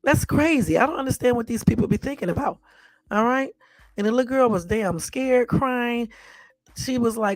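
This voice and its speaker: A woman's voice: a little high, normal speed, dry recording, faint music behind. A woman hosting a live stream, reacting bluntly and with exasperation to news clips, repeating herself and swearing casually. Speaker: channel host.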